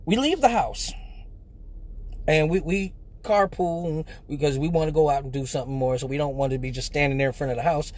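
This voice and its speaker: A man's voice: on the high side, fairly quick, darkish tone. A man from Michigan hosting a live stream, telling a story casually with lots of profanity and slang. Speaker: live show host.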